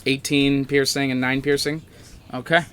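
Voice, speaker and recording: Give me a brisk, bright-voiced male game master. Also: medium pitch, level tone, a little hiss or hum. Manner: brisk, calls turns and narrates combat. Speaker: dungeon master. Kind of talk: running a tabletop game.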